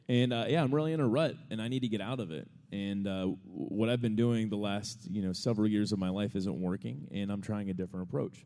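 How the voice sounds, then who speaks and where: A man's voice: on the low side, a little fast, dark tone, big-room sound. A man co-hosting a live podcast, answering an audience question in a casual, rambling storytelling way, laughing often. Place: large venue before a live audience.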